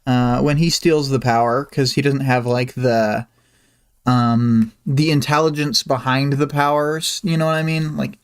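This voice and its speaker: A man hosting a livestream, casually recapping a story chapter in a relaxed, hesitant way with many fillers. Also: medium pitch, measured pace, clear, resonant tone. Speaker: livestream host.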